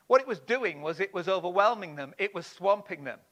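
A man preaching a sermon, expressive, swinging between loud emphasis and hushed lines. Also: high-pitched, fairly quick, hardly any pauses.

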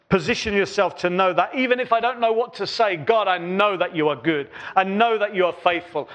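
A high-voiced man delivers a sermon as a pastor in church. His earnest style layers repeated phrases, and he lets his volume sink softer in the gaps between them.

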